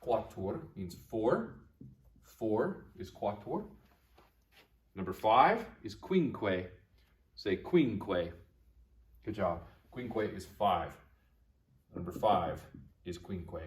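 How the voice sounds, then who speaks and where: A man teaching a recorded video lesson to young students, patient and encouraging, repeating each word slowly. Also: on the low side, lively intonation. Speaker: Latin teacher.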